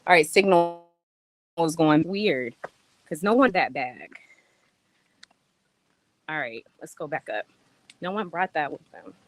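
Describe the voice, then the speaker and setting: Woman vlogger, low-ish and unhurried, casual slangy live-stream chat to her viewers. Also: animated. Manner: chatty, addresses viewers, drops into slangy speech. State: out of breath from climbing stairs. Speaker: vlogger touring a rental villa.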